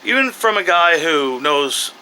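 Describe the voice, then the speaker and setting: A man's voice: on the high side, big pitch swings, a little slow, pushed and bright, slight background noise, poor audio. A man giving a casual, off-the-cuff movie review in a rambling way, with frequent restarts and asides.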